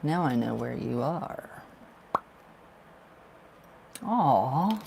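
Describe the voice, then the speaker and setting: A man chats through a live tarot reading, gushing and affectionate, breaking into laughs. His voice sits at a middling pitch with a gravelly fry. A faint hiss runs under the home webcam recording. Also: normal speed. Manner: warm, gushing, laughs often. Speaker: tarot reader. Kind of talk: casual livestream chat.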